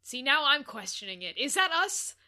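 A woman co-hosting a podcast in loose casual chat. Her voice sits a little high and rings bright, and she rambles, restarts her sentences and laughs often. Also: sing-song, normal speed. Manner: rambling, self-interrupting, laughs a lot. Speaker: podcast co-host.

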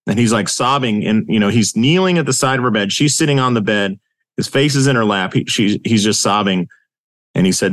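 A man hosting an interview podcast, chatty and relaxed, with lots of fillers and casual swearing. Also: fairly low pitch, brisk, dry recording, clean studio sound. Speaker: podcast host.

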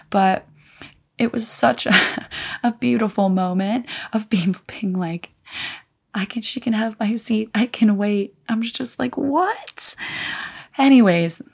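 A young woman hosts her own podcast and tells a rambling story full of swearing and laughter. Her voice sits at an everyday pitch for a woman. It carries a lot of vocal fry. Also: a little mellow. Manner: profane, rambling, laughs often. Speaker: podcast host. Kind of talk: casual storytelling monologue.

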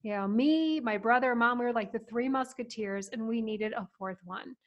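A woman's voice: a little high, moderate pace. Chatty middle-aged woman telling stories. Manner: chatty, animated, laughs often. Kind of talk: casual storytelling.

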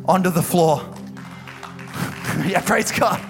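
A young male pastor delivers a sermon in a high, ringing voice. He pleads and exhorts with mounting passion, and music plays clearly underneath him. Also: moderate pace, a crowd in the background. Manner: passionate, building to loud exhortation. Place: church service.

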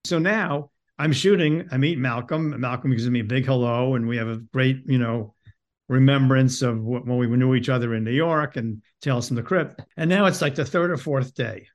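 A man who hosts and directs, telling an anecdote in a halting, self-deprecating way and often repeating words. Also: medium pitch. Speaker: host and TV director.

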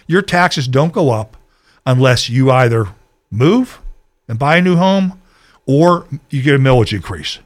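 A male local party official addresses viewers about politics with passion, ranting a little. His voice is fairly high-pitched with a fairly bright tone.

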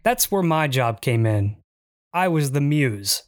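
Deadpan memoir narrator, mid-pitch voice, super dry close mic. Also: slow pace, dry recording. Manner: dry, wry storytelling.

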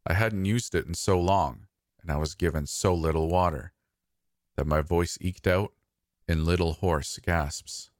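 A man narrating a scripted first-person horror story in a soft, intimate, slow manner. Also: deep voice, no room sound, clean studio sound.

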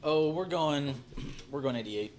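A man's voice: on the high side, animated, measured pace, a little mellow, slight background noise. Stammering young man on a podcast. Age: young adult. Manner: stammering, restarts mid-thought. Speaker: podcast co-host. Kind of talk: casual chat reviewing drinks.

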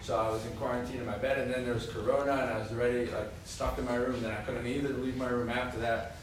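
A young man sharing a personal story in class, quiet and hesitant. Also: medium pitch, level tone, fast. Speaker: student. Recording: echoey room from far off, noise.

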